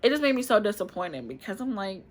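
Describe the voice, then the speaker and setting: A woman in her twenties telling a personal story to camera in a chatty, expressive way, often calling out to viewers. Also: medium pitch, fast talker. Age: 20s. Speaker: vlogger.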